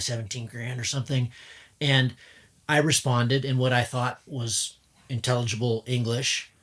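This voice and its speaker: Self-mocking man telling a flying story. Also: mid-range voice. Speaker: podcast host and paraglider pilot. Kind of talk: casual storytelling.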